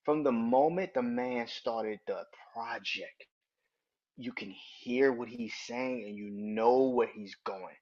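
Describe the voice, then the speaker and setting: A man's voice: mid-range voice, slow pace, muffled recording. Blunt, profane man ranting on a podcast. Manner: blunt and profane, swings into loud incredulous rants. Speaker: podcast host. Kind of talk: casual opinion podcast.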